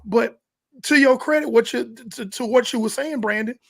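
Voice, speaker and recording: Male podcast co-host, high voice, animated storyteller who acts out quotes. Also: moderate pace, creaky. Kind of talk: casual sports talk.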